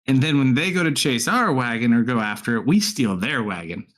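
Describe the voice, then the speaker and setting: A man playing a tabletop game in character, excitable and laughing often as he pitches ideas. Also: brisk.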